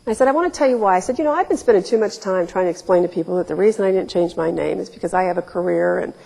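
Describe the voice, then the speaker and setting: A fairly low, creaky, darkish voice races through candid, wry stories told by an Ohio woman in her forties at a public talk. She adds emphatic quoted asides, and the lecture hall gives the recording a reverberant sound.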